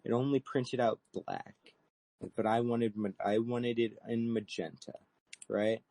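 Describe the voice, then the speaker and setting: A young man co-hosting a comedy podcast, deadpan and mock-profound, stuck on stammering repetitions. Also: medium pitch, a little slow, no room sound. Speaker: podcast co-host.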